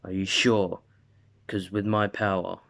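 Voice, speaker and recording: Confident superhero mentor, deliberate delivery, low voice, as a male storyteller puts him on. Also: flat delivery, creaky, fairly bright tone, heavily acted. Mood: calm. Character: big booming heroic man mentor, confident.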